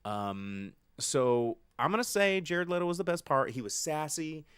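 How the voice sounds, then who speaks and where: A man co-hosting a casual movie-review podcast, rambling and animated, acting out lines in silly voices. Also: on the high side, a little slow, clean tone, dry recording. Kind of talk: casual chat. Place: studio.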